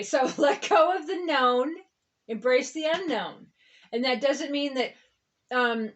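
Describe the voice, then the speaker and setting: A woman reverend giving a rambling spiritual talk in a conversational way, often checking in with "okay?" and "right?". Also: on the high side. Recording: dull lo-fi recording.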